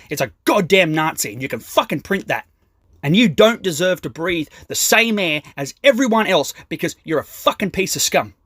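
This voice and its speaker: A man on a mocking stand-up rant, swearing freely and hammering his points. His voice sits high and swings widely in pitch. The sound is dry and close, with no room echo. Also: fairly bright tone. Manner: aggressive, profane, mocking. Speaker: stand-up comedian.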